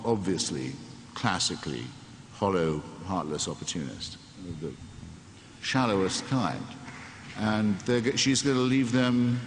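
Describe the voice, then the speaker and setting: Wry deep-voiced Englishman in a hall. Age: 60s. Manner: wry, sardonic, digressive. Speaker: interview guest. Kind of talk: onstage conversation before an audience. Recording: echoey hall, faint room noise.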